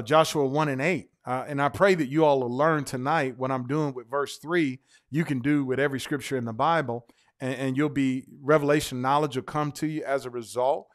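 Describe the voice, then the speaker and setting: A man preaching a sermon to his congregation, stretching key words for emphasis, spelling them out letter by letter and calling out to the church. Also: medium pitch. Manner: emphatic, drawn-out stresses on single words; calls out to the congregation.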